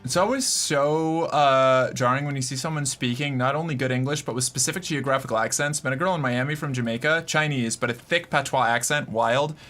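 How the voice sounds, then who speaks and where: A man streams from home and chats with his viewers in an easy, rambling way. His voice is bright and forward, sitting at an ordinary middle pitch. He jokes freely and swears without a second thought. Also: brisk, hardly any pauses. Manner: loose and joking, swears, laughs often. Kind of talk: casual live-stream commentary.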